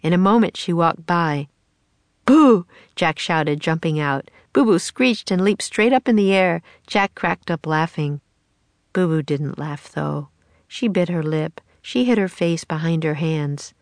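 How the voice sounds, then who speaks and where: Narrator: woman, lower voice, dry close sound, expressive kids' story read-aloud. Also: a little slow, no room sound.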